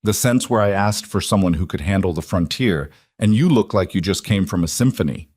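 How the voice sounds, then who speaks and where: A man playing a blunt, wary mountain man who speaks tersely and quietly. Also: animated, a little fast, husky, no echo, studio quality. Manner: blunt, terse, low-key.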